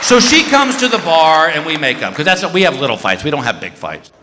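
A man doing stand-up storytelling, animated and acting out voices and screams. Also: on the high side, brisk, crowd noise, background noise. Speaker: stand-up comedian. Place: comedy stage in a hall. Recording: roomy live hall, faint ambience.

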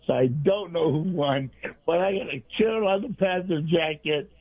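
A man's voice: fairly high pitch, normal speed, breathy edge, no room sound. A man calling in to a radio show from Minnesota, talking in a goofy, rambling, jokey way. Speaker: caller. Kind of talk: rambling call-in chat. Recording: tinny phone line.

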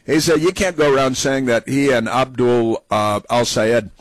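A man's voice: mid-range voice, fairly even intonation, moderate pace, no room sound, poor audio. A man hosting a talk radio show, rambling and mocking in his opinionated commentary.

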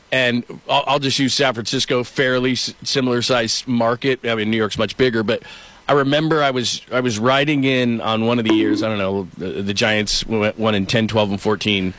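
A middle-aged man hosting casual sports talk who tells stories in an animated way. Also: mid-range voice, normal speed, no room sound. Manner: storytelling, animated.

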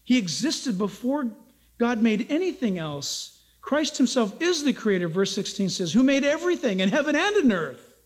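A man's voice: very high-pitched, very animated, normal speed. A man preaching a radio sermon as pastor, emphatic and exhorting, firing rhetorical questions at listeners. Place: Southern California church.

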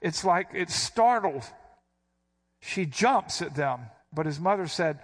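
Emphatic preacher, a man with higher voice. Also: lively intonation, slow. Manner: teaching, emphatic, explains Greek words. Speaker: pastor. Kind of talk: sermon.

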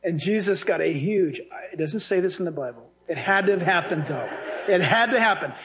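A male pastor preaching a sermon in a lively, humorous way, acting out the dialogue he tells. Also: high voice, a little fast.

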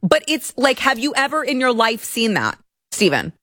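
A woman's voice: a little high, big pitch swings, moderate pace, sharp tone, no room sound. Woman from Texas, show host, indignant rants with stammered restarts, dry close sound. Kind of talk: opinionated commentary.

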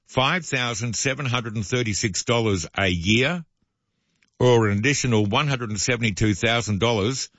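Man, talk radio host, low voice, sardonic asides, dry dull studio sound. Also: a bit bright, no room sound. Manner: opinionated, sardonic asides while reading news.

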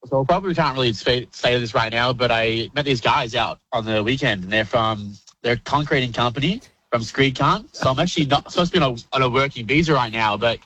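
A man's voice: mid-range voice, brisk, hardly any pauses, sharp tone, dull audio. A man with an Australian accent calling in to a radio show, cheeky and playful. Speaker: caller. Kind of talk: casual phone-in chat.

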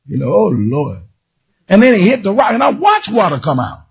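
A man preaches with a high, very husky voice that leaps wildly in pitch. He tells stories in other people's voices, shouts, and slides into half-sung lines. The recording is dull and lo-fi. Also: sing-song, a little fast. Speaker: pastor. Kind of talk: sermon. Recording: dull lo-fi sound.

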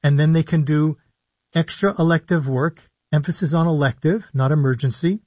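Male radio doctor, mid-high husky voice, dry studio sound, slightly dull audio; measured, explanatory read. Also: a little mellow, dry recording. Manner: measured, explanatory, slow emphasis on key words. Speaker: radio show host, physician. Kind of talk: live call-in radio talk.

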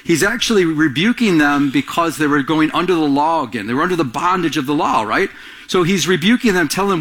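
A man preaching a sermon, animated, acting out quotes in a raised voice and often restarting his phrases. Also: on the high side, fairly quick. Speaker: pastor.

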